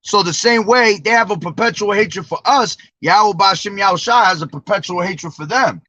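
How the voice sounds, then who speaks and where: A man's voice: sits high, moderate pace, pushed and bright, dry recording. A man preaching informally, reading scripture aloud between profane, slangy, emphatic remarks. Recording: dull lo-fi dry recording.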